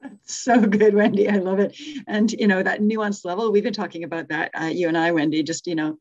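A woman guiding a meditation for an online group on a video call, speaking gently and then growing bubbly and excited. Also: medium pitch, a little fast. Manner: gentle, soothing guidance that turns bubbly and excited. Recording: dull, lo-fi video call audio.

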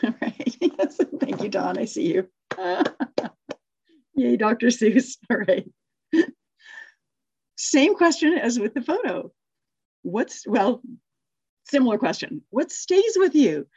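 A woman reading a rhyming children's story aloud with lively expression, then leading a group discussion over a video call and laughing often. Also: on the high side, husky, highs cut off. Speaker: workshop facilitator.

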